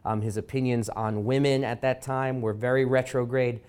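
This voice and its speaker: Man, author, library talk, animated storyteller, mid-pitched voice. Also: moderate pace, clean tone. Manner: animated storyteller acting out quotes. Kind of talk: public lecture with anecdotes. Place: library event room.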